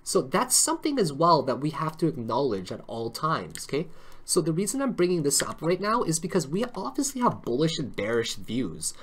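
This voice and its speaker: Male crypto live-streamer, bright tone, jokey chat style, walks through charts. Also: fairly high pitch, wildly swooping pitch, fairly quick, husky. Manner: joking, chatty, full of tag questions.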